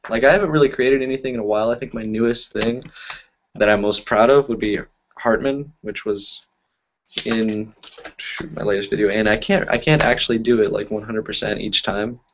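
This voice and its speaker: A man's voice: fairly low pitch, slight background noise. Guy rambling thru a live stream story, keeps correcting himself, laughs a lot, dull lo-fi mic. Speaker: YouTube magic and cardistry creator. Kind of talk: casual live-stream chat answering comments.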